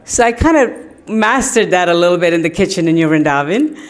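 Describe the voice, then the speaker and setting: A woman's voice: on the low side, animated, normal speed. A middle-aged woman sharing personal stories in a tribute to her teacher, in a chatty, anecdotal way with many fillers. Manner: chatty storytelling, often laughing, many fillers.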